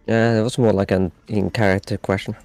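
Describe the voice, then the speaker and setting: A man, a player in a tabletop game, talking through the story in a measured, uncertain way. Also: fairly low pitch, little pitch movement, a little mellow, dry recording, soft background music. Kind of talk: casual tabletop discussion.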